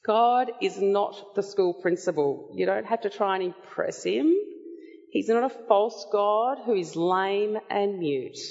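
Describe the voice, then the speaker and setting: A woman gives a sermon at an unhurried pace, earnest and measured as she teaches. Her voice carries through a hall with a long, trailing reverb. The recording sounds slightly dull. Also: medium pitch, gravelly, darkish tone. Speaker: preacher.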